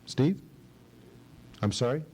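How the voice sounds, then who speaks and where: Mellow-voiced male pastor teaching scripture. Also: slight background noise, poor audio. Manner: dramatic scripture reading, pauses for emphasis, asks the class questions. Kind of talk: expository sermon with Bible reading. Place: church service.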